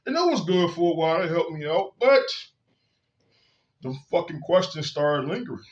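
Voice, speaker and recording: A man's voice: a little high, very animated, moderate pace, muffled recording. A man telling his own story in a candid, blunt and profane monologue, full of emphasis. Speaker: vlogger.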